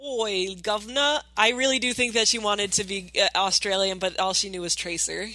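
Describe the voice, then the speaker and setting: A woman co-hosting a podcast in casual chat, sarcastic and quick, laughing often. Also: mid-range voice, fairly even intonation, pushed and bright, no echo. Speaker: podcast co-host.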